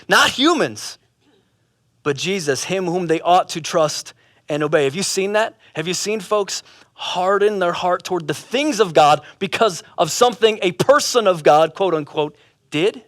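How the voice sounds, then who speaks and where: Lively high-voiced male preacher. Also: a little slow, no room sound, studio quality. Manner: animated storyteller, casual slang. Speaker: pastor. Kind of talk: sermon with a comic parable.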